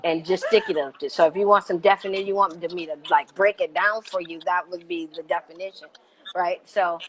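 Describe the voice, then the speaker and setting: Emphatic low-voiced woman guest. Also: fairly quick, poor audio. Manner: emphatic and animated, gets louder when making a point. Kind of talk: passionate conversational interview.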